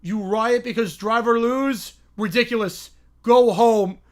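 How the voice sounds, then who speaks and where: A man voicing a gruff giant male lizard monster who speaks in short, broken sentences. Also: very high voice, fairly even intonation, a little slow. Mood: scolding. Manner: broken terse speech.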